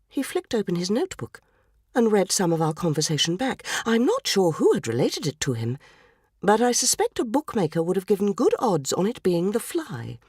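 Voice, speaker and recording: A woman's voice: medium pitch, big pitch swings, normal speed, a little mellow, husky, no echo. A woman narrating a short story for radio in a wry, arch way, in a studio.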